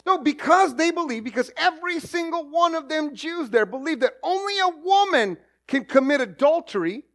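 Middle aged pastor guy preaching, really high voice, jokey and animated. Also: moderate pace. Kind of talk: sermon.

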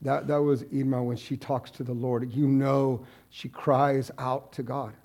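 A man's voice: mid-range voice, level tone, measured pace, gravelly, darkish tone. A man preaching a sermon as pastor, in an earnest, heartfelt way.

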